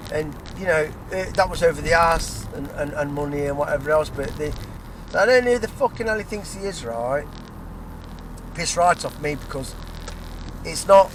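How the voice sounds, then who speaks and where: Agitated English man, high-ish voice. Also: a bit bright, a little hiss or hum. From England. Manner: agitated, repetitive, restarts often. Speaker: vlogger. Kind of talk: rambling personal monologue.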